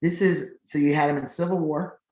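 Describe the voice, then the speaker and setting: A man's voice: fairly high pitch, brisk. A man co-hosting a podcast, chatting casually and rambling with many fillers. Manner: rambling, filler-heavy, animated when excited. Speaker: podcast co-host. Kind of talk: casual chat. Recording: echoey room.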